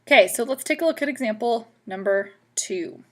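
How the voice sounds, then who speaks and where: Woman math teacher, recorded lesson, patient step-by-step explainer, a little high-pitched. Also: lively intonation, normal speed. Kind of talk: classroom math lesson video.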